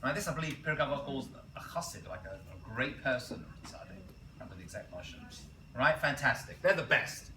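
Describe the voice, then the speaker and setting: A man teaching a college class as a rabbi, lively and quizzing his students, correcting himself as he goes. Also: mid-range voice, quick pace, slight background noise. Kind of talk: classroom lecture. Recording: roomy classroom picked up from a distance.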